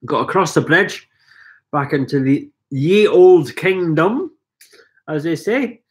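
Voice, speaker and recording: Scottish guy rambling on a live stream from his living room, hoarse from a cold, jokey, slightly high voice. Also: animated, slow. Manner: chatty, self-mocking, reading out viewer comments.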